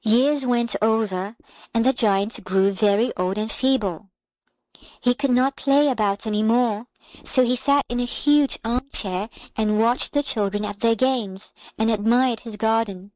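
A woman reading a fairy tale aloud in a calm, measured storybook style. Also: on the high side, dry recording, low-quality recording.

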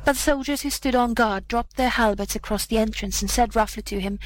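A woman narrating an old fairy tale aloud in a measured, solemn manner. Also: a little high, poor audio. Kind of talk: storybook reading aloud.

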